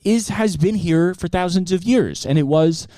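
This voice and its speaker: A man's voice: high voice, moderate pace, dry recording. A male comedian doing a profane stand-up monologue, jumping into acted-out voices. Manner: animated, profane, acts out many voices.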